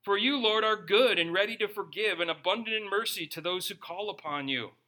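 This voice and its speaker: A man's voice: sits high, a little fast, pushed and bright. A man, a pastor and parent, preaching a sermon in a loose, joking way that acts out little quotes. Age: young adult or middle-aged, a parent. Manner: conversational, jokey preaching with acted-out quotes.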